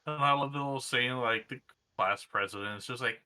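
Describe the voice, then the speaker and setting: Bright, sarcastic male podcast co-host. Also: medium pitch, a little fast. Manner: sarcastic, joking asides. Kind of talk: casual recap chat.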